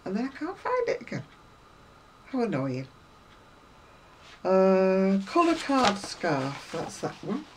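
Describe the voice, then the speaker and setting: A woman's voice: mid-range voice, huge pitch swings, takes it slowly, pauses often, noisy background. A woman chatting casually to viewers about craft magazines, rambling and self-deprecating, a little unwell. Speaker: craft vlogger.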